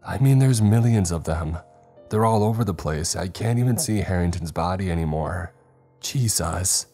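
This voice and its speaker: A man voicing a panicking young male crewman in a hazmat suit, frantic and high-strung. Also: expressive, unhurried, a little mellow, faint music behind. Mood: nervous.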